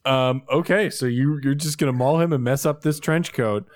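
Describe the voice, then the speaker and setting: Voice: mid-range voice, normal speed. A game master narrating a tabletop game in a casual, laughing way. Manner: casual, laughing, many fillers.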